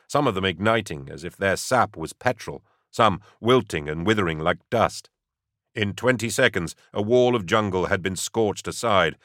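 A man narrating an audiobook in steady, even storytelling. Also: low-pitched, no room sound, clean studio sound.

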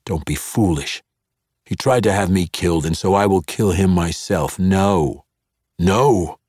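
A growling, short-tempered dark elf weapon master, voiced by a man reading a fantasy audiobook. His voice sits extremely low and comes slowly, in a dry close sound. He speaks in curt, frustrated bursts. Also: dry recording.

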